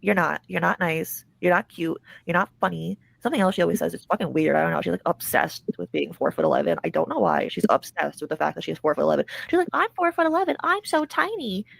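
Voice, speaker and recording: A woman's voice: low voice, lively intonation, fast, vocal fry, few pauses, dry recording. A woman hosting a commentary show, mocking and blunt, with heavy swearing. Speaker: commentary host. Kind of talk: commentary on online drama.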